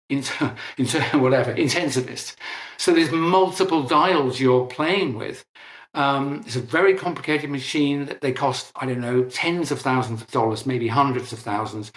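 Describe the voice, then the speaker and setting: A man's voice: medium pitch, a bit bright, roomy sound. A middle-aged man, an interview guest, explaining at length in a conversational, emphatic way and correcting himself as he goes.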